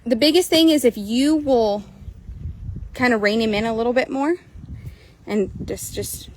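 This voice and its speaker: A woman's voice: on the high side, measured pace, slight background noise, rough recording. Chatty upbeat woman selling a horse outdoors. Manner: chatty and upbeat, full of "like" and "um", talks to viewers. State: hot and a bit out of breath. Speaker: horse seller and trainer. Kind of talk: casual sales walkthrough to viewers. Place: outdoors at a horse trail course.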